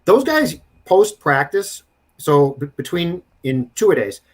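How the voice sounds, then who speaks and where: Husky-voiced guy, gets loud and emphatic, podcast co-host chatting football. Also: a little high, big pitch swings, takes it slowly. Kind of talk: casual sports chat.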